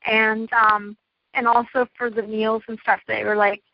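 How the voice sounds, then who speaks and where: High-voiced effusive middle-aged woman. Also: fairly even intonation, normal speed, gravelly, no room sound. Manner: chatty, effusive, gushing. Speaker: guest. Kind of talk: casual interview chat. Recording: dull lo-fi dry line.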